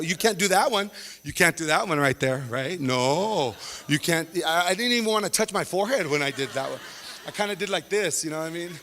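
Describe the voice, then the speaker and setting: A man performing stand-up comedy, animated, acting out quoted voices and swinging from loud to hushed. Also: on the high side, long reverb tail.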